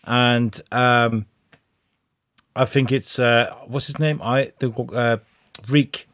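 A man hosting a podcast, telling rambling, sweary, animated stories. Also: medium pitch, takes it slowly, dry recording, studio quality. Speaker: podcast host. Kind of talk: casual chat.

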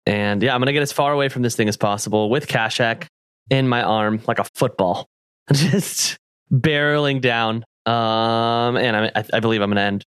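A man's voice: mid-range voice, fairly even intonation, normal speed, a bit bright, clean tone, no room sound, studio quality. A man playing a tabletop game, thinking aloud as he counts out his moves. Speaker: player.

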